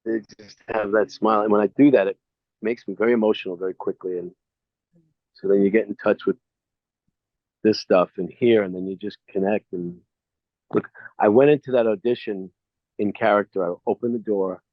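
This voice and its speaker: A man's voice: fairly low pitch, moderate pace, pauses often, no room sound. A middle-aged man, an actor being interviewed, telling anecdotes casually and acting out the lines. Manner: animated anecdotes with acted-out quotes. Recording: dry, slightly dull sound.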